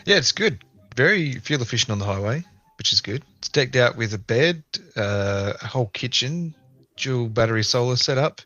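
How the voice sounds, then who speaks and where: A laid-back Australian man with a bright, sharp-edged voice. He tosses out dry jokes and chuckles partway through his sentences, relaxed and unhurried. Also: medium pitch, no echo, muffled recording. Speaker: podcast co-host. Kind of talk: casual chat.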